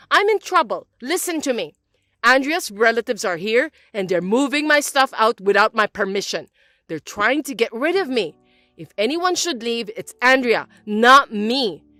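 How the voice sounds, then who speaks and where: A woman voicing a scheming, self-pitying older mother-in-law who talks in a shrill, accusing whine. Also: sharp tone, dry recording. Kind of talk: dubbed drama acting.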